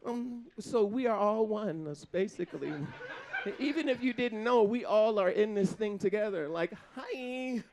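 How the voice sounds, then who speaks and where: A man doing live stand-up comedy on a stage before an audience, talking in an animated way, laughing between jokes and slipping into funny put-on voices. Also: sits high, moderate pace, slight background noise.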